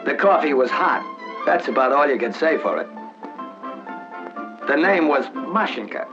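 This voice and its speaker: A man's voice: on the high side, very animated, a little slow. A man narrating a 1940s wartime documentary as one of the flyers, in a wry, folksy, joking manner. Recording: dull 1940s film soundtrack with music.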